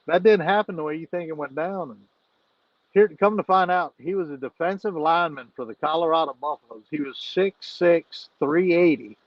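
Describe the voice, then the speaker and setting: A man with a fairly high voice tells a rowdy story as a podcast guest, laughing often and cursing freely at a moderate pace. It's casual storytelling, recorded lo-fi with no echo.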